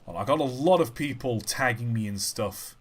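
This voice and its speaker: Young man, streamer chat, animated storytelling, casual swearing, mid-pitched. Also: moderate pace.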